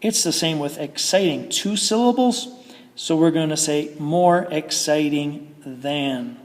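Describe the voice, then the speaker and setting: Man, grammar lesson, slow explaining, lingering reverb. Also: a little high. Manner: slow, patient explaining with fillers. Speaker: English grammar teacher.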